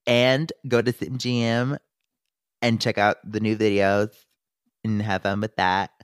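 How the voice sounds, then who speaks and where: A man's voice: fairly low pitch, little pitch movement, measured pace, clean tone, no echo, studio quality. Blunt, exasperated man on a podcast. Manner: exasperated, blunt, swears casually. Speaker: podcast co-host. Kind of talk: casual podcast chat.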